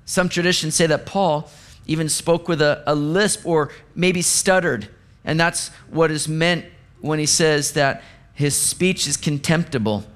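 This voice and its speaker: Guy with a high voice preaching, chatty and loose, little jokes thrown in. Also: unhurried, a bit bright. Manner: conversational preaching with asides and light sarcasm. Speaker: pastor. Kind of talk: sermon.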